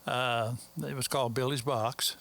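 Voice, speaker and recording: A Texan man speaking as an interview guest, telling a long story in a relaxed, folksy way. He rambles and leans on fillers like "so anyway". His voice sits at an ordinary middle pitch for a man. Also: a little slow. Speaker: interview guest, mastering engineer.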